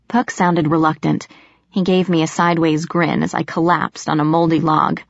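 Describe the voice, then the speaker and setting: A woman narrates a first-person story in a steady, measured audiobook style. Her voice sits a little low. The recording is dry and slightly dull. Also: creaky, no echo.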